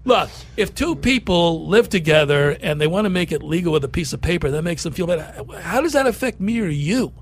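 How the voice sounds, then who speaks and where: High-voiced middle-aged male radio host. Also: expressive, a little fast, hardly any pauses. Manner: rambling, jokey storytelling. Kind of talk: comedic talk radio banter.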